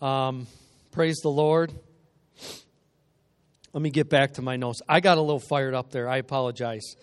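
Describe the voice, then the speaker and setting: A man preaching a lively sermon in a church, energetic and joking, calling out to the congregation. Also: mid-range voice, normal speed, clear, resonant tone. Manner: energetic, joking, call-and-response. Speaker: guest preacher.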